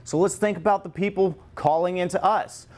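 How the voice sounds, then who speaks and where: A man runs a customer-service training class, his voice sitting a little higher than most men's. He speaks lively and jokes with the group, slipping into quoted customer voices to make his point. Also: brisk. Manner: lively, joking, acts out customer lines.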